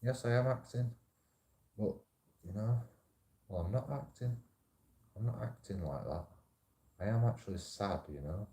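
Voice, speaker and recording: A man's voice: lowish voice, measured pace, long pauses, warm tone, roomy sound. A man hosting his own channel, talking in a casual, rambling monologue that repeats phrases, restarts and swears freely. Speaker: channel host.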